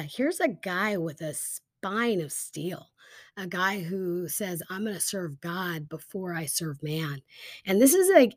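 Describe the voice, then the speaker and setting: A woman casually retelling a Bible story as a teacher, chatty and animated, with lots of fillers. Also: medium pitch, dry recording, studio quality.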